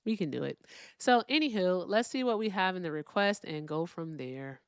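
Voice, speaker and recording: A woman hosting a live call-in stream, chatting casually and swinging between loud remarks and hushed asides. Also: lowish voice, lively intonation, moderate pace, smooth, dry recording, studio quality. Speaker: livestream host.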